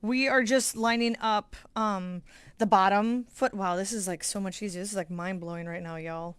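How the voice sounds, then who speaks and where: A middle-aged woman hosting a casual quilting livestream, chatting excitedly with viewers as she sews. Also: medium pitch, moderate pace, clean tone, no room sound. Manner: bubbly, chatty, talks to viewers by name. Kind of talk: casual livestream chat while sewing.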